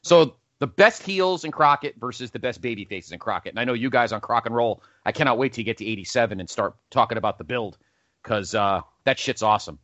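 Man, podcast host, lively up-and-down pitch, dry close sound, a bit muffled, rambling. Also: a little fast, dry recording. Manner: rambling, self-correcting, animated. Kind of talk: casual wrestling podcast countdown.

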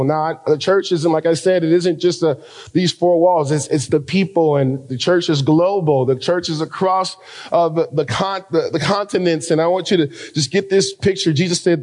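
A man with an American accent preaching a sermon as pastor, climbing to loud emphatic peaks and drawing key phrases out slowly. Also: on the high side, poor audio.

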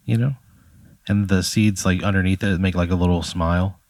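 A man's voice: sits low, fairly even intonation, brisk, a little mellow, dry recording. A man telling an improvised comedy story, rambling with lots of filler words.

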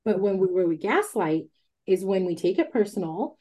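A woman hosting a candid casual chat, talking emphatically, swearing freely and telling stories in an animated way. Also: medium pitch, normal speed. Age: adult with a child. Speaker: podcast host.

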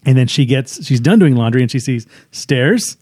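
A man co-hosting a film review podcast, telling the plot in casual chat, halting with fillers and acting out lines. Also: mid-range voice, lively intonation, darkish tone, breathy edge, no echo, studio quality.

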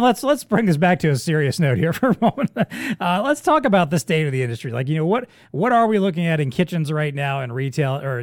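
A man co-hosts a podcast in casual conversation, joking, tossing in quick asides, and laughing often. His voice is fairly high, captured in clean studio sound with no room sound.

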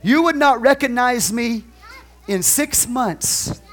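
Male pastor, middle-aged, high-pitched, fervent sermon delivery with hammered repetition. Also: expressive, slow, a bit bright. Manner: fervent, emphatic preaching with repeated phrases.

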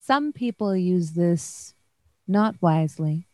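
A woman voicing a dignified female celestial being, speaking formally and slowly. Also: on the low side, animated, dark tone, no echo. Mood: solemn. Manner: formal, measured, archaic phrasing.

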